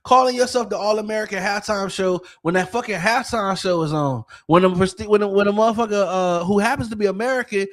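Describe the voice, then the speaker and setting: A man co-hosting a podcast, giving casual political commentary in an animated, profane way full of rhetorical questions. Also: high-pitched, fast, hardly any pauses. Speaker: podcast co-host.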